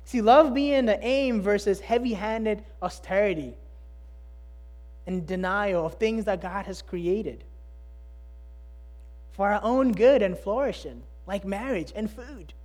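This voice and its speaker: A preacher giving a sermon in a mid-pitched voice, pressing hard on key words. The delivery keeps rising into pointed rhetorical questions and then dropping to a hush. It sounds earnest and driving. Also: slow, pauses often. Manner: emphatic, asks rhetorical questions, swings between loud and hushed.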